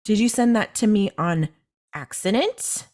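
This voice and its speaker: A woman hosting a casual chat, telling stories in an animated, chatty way. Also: medium pitch, a little slow. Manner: chatty, animated storytelling with laughs. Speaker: host.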